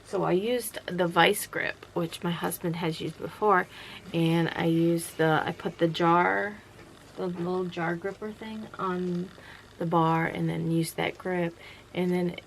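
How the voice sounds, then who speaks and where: A woman's voice: lowish voice, fairly even intonation, slow pace, gravelly, a little hiss or hum, rough recording. A tired woman chatting casually and rambling at home late at night, with lots of fillers and restarts. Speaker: vlogger running a small sewing business. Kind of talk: casual chat. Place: home workroom.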